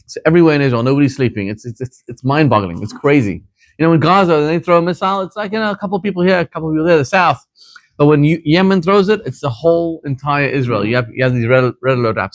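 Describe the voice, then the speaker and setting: A man's voice: mid-range voice, no echo. A man, a rabbi, giving an informal class to a small group, telling stories conversationally with frequent restarts. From Zimbabwe. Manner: conversational storytelling with frequent restarts and "you know".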